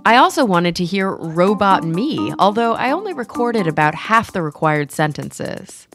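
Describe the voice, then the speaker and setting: A woman giving scripted narration for a news feature in a measured way. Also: medium pitch, very animated, over music.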